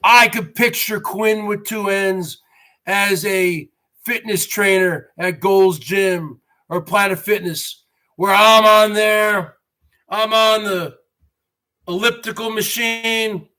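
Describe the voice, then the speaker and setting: A man in his forties rambles through a vlog monologue and keeps addressing his viewers as folks. His voice sits high for a man and is bright and sharp, and he speaks at an unhurried pace. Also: fairly even intonation. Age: 40s. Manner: talks straight to viewers, calls them folks. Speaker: show host.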